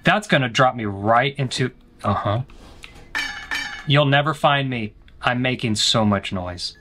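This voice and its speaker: This is a man streaming a let's play with a lively, swooping delivery. His voice has a crisp, bright edge. He banters with his viewers and shrieks whenever the game surprises him. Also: mid-range voice, a little slow, slight background noise. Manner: jokey, answers chat, sudden panicked yelps. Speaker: gaming streamer.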